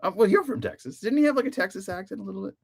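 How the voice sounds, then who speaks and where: Giggly, animated male podcast host. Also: sits high, very fast, gravelly. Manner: animated, giggly, reads chat comments aloud. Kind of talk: casual live-stream chat.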